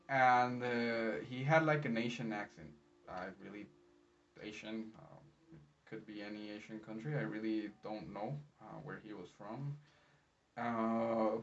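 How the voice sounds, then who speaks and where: A man's voice: medium pitch, recorded from a distance, muffled recording. A man working as a medical interpreter, recapping his workday in a rambling, chatty way with many fillers. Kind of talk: casual vlog recap.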